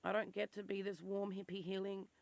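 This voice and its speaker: A woman's voice: medium pitch, little pitch movement, a little fast, creaky, darkish tone, dry recording. A woman talking in a raw, emotional confessional vlog and swearing freely. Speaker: vlogger.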